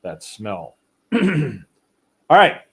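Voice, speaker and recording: A man's voice: lowish voice, wildly swooping pitch, extremely slow, fairly bright tone, breathy edge. A middle-aged man hosting a casual chat, rambling in a folksy way and reading viewer comments aloud. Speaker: podcast host. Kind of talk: casual live-stream chat.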